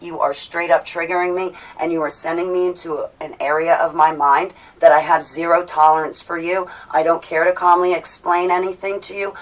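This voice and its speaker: A woman talking to her viewers in an animated, emphatic way, her voice swinging from loud to soft. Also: lowish voice. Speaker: vlogger. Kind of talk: casual monologue to viewers. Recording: voice a bit far from mic.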